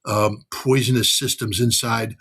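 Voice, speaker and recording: A man's voice: mid-range voice, steady tone, a little slow, gravelly, a bit bright, husky. An American man giving heated political commentary, blunt and profane, mimicking the voices of others to make his point. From United States. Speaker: commentator guest.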